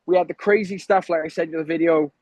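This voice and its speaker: Welsh male fighter, casual storyteller, slightly higher pitch, dry close read. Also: fairly even intonation, fast, a little mellow, no room sound, rough recording. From Wales. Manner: rambling anecdotes with frequent ums. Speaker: guest, professional fighter.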